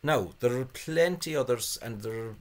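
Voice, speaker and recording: A man's voice: medium pitch, normal speed. A man gives a spoken lecture on spelling, hesitant and full of fillers, with scornful asides. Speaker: language video host.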